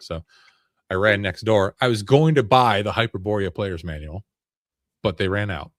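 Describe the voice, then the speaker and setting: Low-voiced man telling a rambling story. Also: moderate pace, no echo, studio quality. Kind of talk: casual chat.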